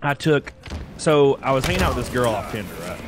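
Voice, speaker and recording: A man's voice: medium pitch, very animated, fairly quick. A man in his thirties rambling through a story in casual gaming chat, with lots of fillers. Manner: rambling storyteller full of fillers and acted quotes.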